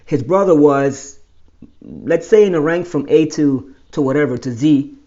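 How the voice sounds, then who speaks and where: A man's voice: fairly high pitch, measured pace, dark tone, lo-fi sound. A man telling his own life story in a rambling monologue, often restarting and correcting himself.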